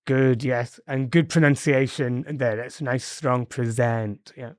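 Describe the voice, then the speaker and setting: A man's voice: medium pitch, steady tone, unhurried. A British man teaching English on a podcast, talking with patient encouragement and plenty of "um"s. His voice sits in a middle range and sounds dry and close, with no room echo. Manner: encouraging, explains patiently with frequent fillers. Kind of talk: podcast lesson dialogue.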